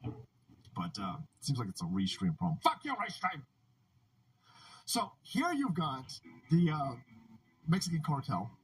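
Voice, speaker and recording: A man's voice: fairly high pitch, wildly swooping pitch, measured pace, pauses often, slight background noise, rough recording. A man hosting a political livestream, ranting in a casual, profane way and often laughing. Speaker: livestream host. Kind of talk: casual political commentary stream.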